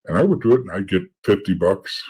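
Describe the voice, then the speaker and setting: Fast and sing-song, this husky, low, slightly mellow male voice belongs to a middle-aged former informant guesting on a podcast. He swaps casual stories about his past, bluntly and profanely, frequently repeating words; the audio quality is low.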